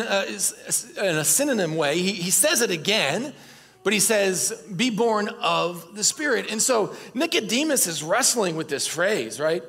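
A man preaching a conversational sermon, telling the story in a casual, lively way and speaking straight to the congregation. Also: high voice, husky, in a large hall.

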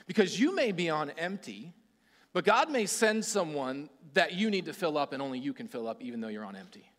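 A man's voice: on the high side, a bit bright. A man giving a casual, conversational sermon who acts out voices in the story. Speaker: preacher. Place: church hall. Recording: hall reverb.

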